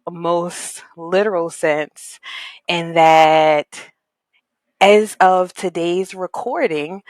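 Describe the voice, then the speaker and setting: A woman guest on a podcast, speaking in a thoughtful, earnest and searching way, often pausing with "like" and "um" as she finds her words. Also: on the low side, dry recording. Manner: thoughtful, searching, heavy use of "like" and "um"; warm, earnest, spiritual. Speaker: podcast guest, equity coach and consultant. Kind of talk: reflective conversational interview.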